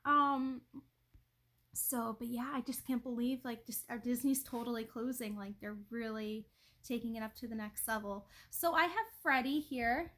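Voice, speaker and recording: High-voiced woman rambling on a home livestream. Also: normal speed, a bit bright. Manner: rambling, chatty, lots of likes and ums; greets chat viewers by name. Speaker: livestream host. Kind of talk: casual livestream chat.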